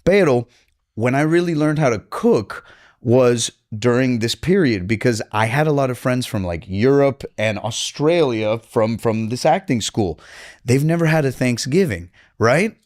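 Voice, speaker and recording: A young chef from tells stories, with a mid-range voice. He is animated and swears freely, sliding into Spanish mid-sentence as he talks. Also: medium pitch, measured pace. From Miami. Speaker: chef guest. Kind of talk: casual storytelling.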